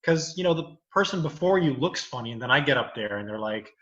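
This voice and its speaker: In casual chat, the comedian-lawyer wanders from story to story, leaning heavily on filler phrases like "you know." He talks fast at a medium pitch with lively intonation and a fairly bright tone, and the audio is roomy and dull.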